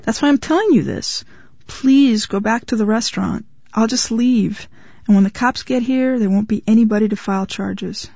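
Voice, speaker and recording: A woman's voice: on the high side, moderate pace, gravelly, breathy edge, no echo, highs cut off. A woman reading as a cool, blunt wife. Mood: impatient. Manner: flat, impatient.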